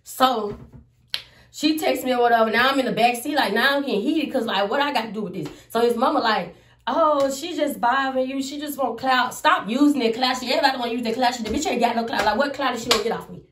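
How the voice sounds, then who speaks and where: A young adult woman, a comedian, telling a personal story in a casual vlog. She is animated and profane and swings between loud outbursts and low asides. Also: quick pace, far from the mic, a little hiss or hum. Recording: echoey room, voice off from the mic.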